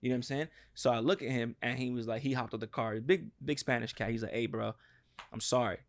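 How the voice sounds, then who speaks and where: A man's voice: mid-range voice, fast. A man telling a long profane story on a casual podcast, acting out what people said. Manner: animated, profane, acts out quotes. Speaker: podcast co-host.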